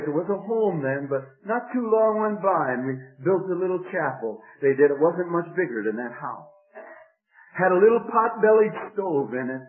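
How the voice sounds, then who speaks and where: An older man preaching a sermon, telling his own conversion story in an earnest voice that rises and falls. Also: sits high. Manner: earnest, rising and falling with emotion. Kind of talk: sermon with personal testimony. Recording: tinny phone-like radio broadcast.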